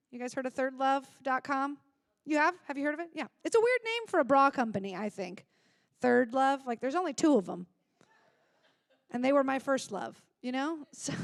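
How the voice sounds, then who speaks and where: A woman's voice: high voice, vocal fry, no room sound, clean studio sound. A woman hosting a live show on a stage microphone, bubbly and hyping the crowd, laughing between lines. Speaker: event host.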